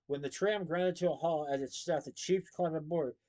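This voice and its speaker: Somewhat high-voiced man reading a story. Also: normal speed, mellow, low-quality recording. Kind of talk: reading a children's novel aloud.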